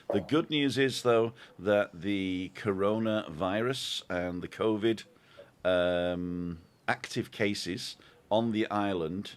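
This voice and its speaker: A man co-hosting a casual live stream, chatting and greeting viewers by name. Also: low-pitched. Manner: reads out viewer names cheerfully. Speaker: co-host.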